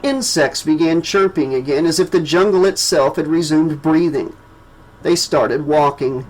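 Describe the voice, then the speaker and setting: A man narrating a horror novel as an audiobook, measured and dramatic. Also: on the high side, rough recording. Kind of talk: scripted narration.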